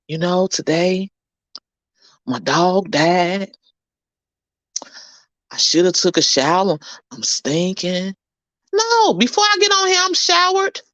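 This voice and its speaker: A woman vlogger giving an animated, preachy and comic motivational talk on her channel, full of blunt slang and the odd swear word. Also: medium pitch, vocal fry, no room sound, muffled recording. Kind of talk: motivational live-stream chat.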